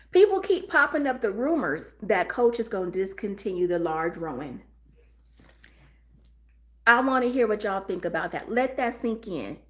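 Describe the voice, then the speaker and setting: Chatty woman live haul host. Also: mid-range voice. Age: middle-aged. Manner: chatty, talks straight to viewers, reads comments aloud. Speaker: livestream host. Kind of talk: casual live chat haul.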